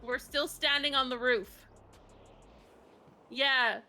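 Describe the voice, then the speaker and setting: A woman's voice: high voice, fairly even intonation, slow, sharp tone, soft background music. A woman in an in-character roleplay phone call, scolding bluntly and swearing freely. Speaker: roleplay character from the mayor's office.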